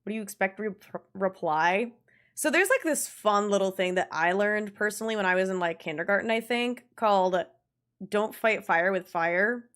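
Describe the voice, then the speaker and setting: Chatting loosely with viewers during a live game stream, this young woman is lively and quick to laugh. Her voice is mid-range, and she doesn't hold back on the swearing.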